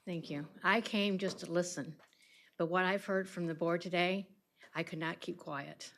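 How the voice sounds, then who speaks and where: A woman's voice: on the low side, steady tone, moderate pace, a bit bright. Earnest woman making a public comment. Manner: earnest, plainspoken, upset. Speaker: resident speaking at public comment. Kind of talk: public comment at a government meeting.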